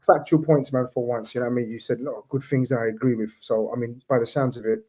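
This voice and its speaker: A young man talking football in a casual debate, measured and a bit defensive. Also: mid-range voice, fairly even intonation, darkish tone, rough recording. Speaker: football pundit and Liverpool fan.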